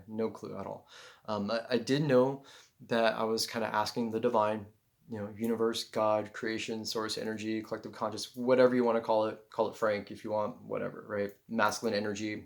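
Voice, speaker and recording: A man's voice: fairly low pitch, vocal fry. Rambling, swearing man telling a story. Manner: rambling, swears freely, many fillers and restarts. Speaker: vlogger telling a personal story. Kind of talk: casual storytime monologue.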